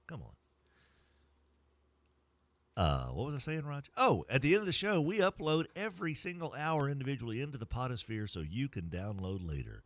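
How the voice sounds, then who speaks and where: A man's voice: mid-range voice, sing-song, moderate pace, no echo. A man hosting a morning sports radio show, joking his way through live ad reads. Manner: playful, jokey, mock-whispers and funny voices during ad reads.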